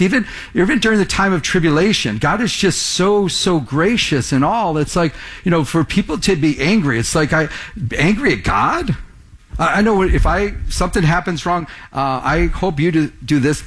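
A man's voice: a little high, fairly bright tone. A man preaching a sermon in a conversational way, often repeating words and asking the congregation questions. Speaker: pastor.

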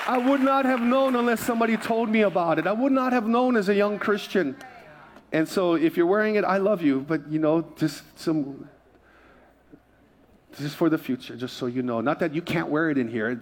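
A man's voice: fairly high pitch, slight background noise. A male pastor preaching a sermon in a church, telling stories in a conversational, joking way. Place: church sanctuary.

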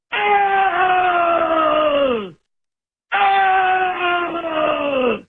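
A female caller tells her story slowly and plainly, with a slightly higher, husky voice. It comes through a narrow, tinny phone line. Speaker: caller, sheep herder.

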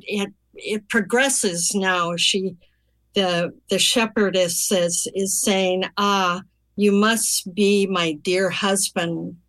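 A woman hosting a radio interview who prompts her guest gently. She speaks slowly and without hurry, her pitch sitting in a middle range. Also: rough recording. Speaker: host.

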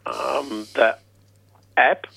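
A man's voice: medium pitch, fairly even intonation, very slow, creaky, sharp tone. A man calling a talkback radio show, rambling and hesitant with many fillers. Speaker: caller.

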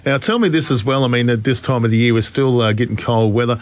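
A man's voice: mid-range voice, quick pace. A man hosting a radio chat, asking questions and teasing his guest. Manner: jokey, teasing interviewer. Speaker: radio host.

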